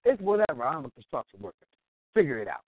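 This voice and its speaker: Man, storyteller, chuckling, very lively pitch, thin phone line, dry. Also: fast, no room sound. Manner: lively storyteller who chuckles and acts out other people's voices. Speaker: small business owner on an internet radio show. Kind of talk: animated anecdote and advice.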